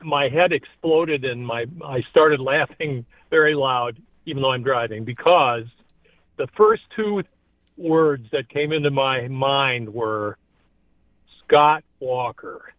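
A man's voice: mid-range voice, takes it slowly, no room sound. A man calling in from his car, talking in a rambling way with frequent chuckles. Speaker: caller. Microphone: phone. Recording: tinny phone line.

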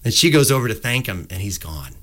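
A middle-aged man talking into a studio mic as a radio guest. He tells stories with animated swings in pitch and loudness and slips into playful voices for the people in them. His talk is loose and rambling, full of fillers. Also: fast. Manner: animated storyteller, acts out voices in anecdotes. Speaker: musician guest. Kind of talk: casual radio interview. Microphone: studio microphone.

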